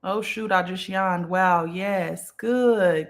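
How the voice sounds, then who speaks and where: A woman hosting a spiritual live stream, reading viewer comments aloud in casual chat and affirming them with a steady "okay" and "period". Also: mid-range voice, takes it slowly. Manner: affirming, repeats "okay" and "period", relaxed and chatty; yawns and sighs now and then.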